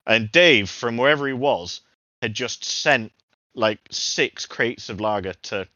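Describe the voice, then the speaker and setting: Bright-toned man telling stories. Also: medium pitch, expressive, measured pace, dry recording, muffled recording. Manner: rambling storyteller with restarts and swearing. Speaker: podcast host. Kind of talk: casual podcast chat.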